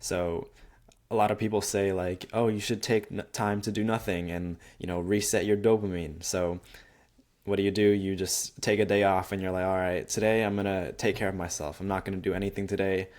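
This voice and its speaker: A man's voice: low voice, a little fast. A young man, a college student, giving casual life advice to camera, rambling and acting out little conversations. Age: young adult. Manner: rambling and animated, acts out quoted exchanges with lots of "like". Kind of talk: casual self-help talk to camera.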